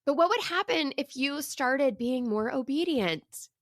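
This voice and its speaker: A woman hosting her own podcast, telling a personal story in an animated, emphatic way and asking the listener reflective questions. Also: high voice, measured pace, dry recording, clean studio sound. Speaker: podcast host.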